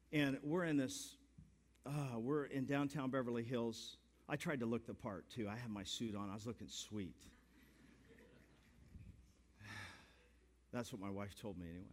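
Folksy male pastor preaching. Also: mid-range voice. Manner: folksy storytelling with jokes, rising to emphatic exhortation. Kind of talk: sermon.

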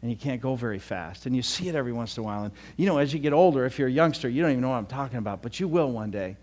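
A man's voice: mid-range voice, animated, very fast, a little mellow. Older man preaching a folksy sermon. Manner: conversational, folksy, with repeated restarts and joking asides. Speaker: pastor.

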